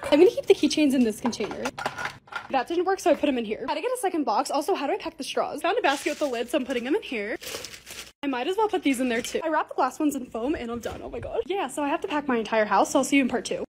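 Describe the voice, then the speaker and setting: A woman's voice: high voice, lively intonation, racing, background noise. A young woman narrating her lifestyle vlog in a chatty, bubbly, self-deprecating way. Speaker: lifestyle creator. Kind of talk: casual voice-over vlog narration.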